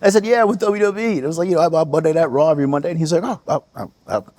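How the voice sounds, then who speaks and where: A man from the United States, a podcast guest, telling stories in a relaxed way and laughing often. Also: fairly high pitch, very fast. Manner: relaxed, laughs often, quotes others in lively voices. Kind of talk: casual interview storytelling.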